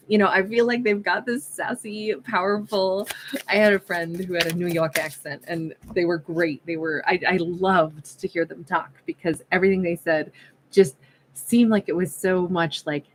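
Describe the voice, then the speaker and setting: A tarot card reader gives a casual, chatty reading, musing aloud, frequently interrupting and restarting herself, and acting out imagined conversations. Her voice is on the low side with fairly even intonation and a moderate pace. The audio is poor, with a little hiss or hum.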